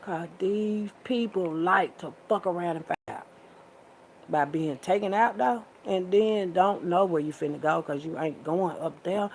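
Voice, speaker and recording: A woman's voice: on the low side, a little hiss or hum, low-quality recording. A woman, sassy and preachy, calling listeners baby and child. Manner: sassy, preachy, drawn-out with pet names. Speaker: vlogger. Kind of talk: casual monologue to camera.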